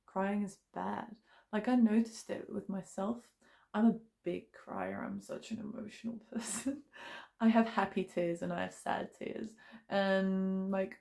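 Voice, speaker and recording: A woman's voice: mid-range voice, vocal fry, darkish tone. A young woman vlogging to camera in casual personal talk, chatty and emotionally open, with many fillers.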